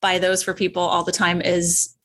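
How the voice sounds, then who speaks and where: A woman who is a clinician, talking casually as a podcast guest, enthusiastic and quick to laugh. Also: on the low side, completely flat delivery, fairly bright tone.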